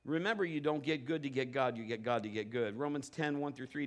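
A man's voice: mid-range voice, brisk, few pauses. A man preaching a sermon as pastor, building to emphatic points and acting out quotes.

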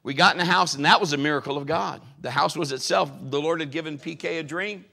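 A middle-aged male pastor preaching a sermon and telling stories from his life, pressing his key points with sudden bursts of loudness. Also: fairly high pitch, fast, vocal fry. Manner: emphatic, swells loudly on key points. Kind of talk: sermon with personal storytelling.

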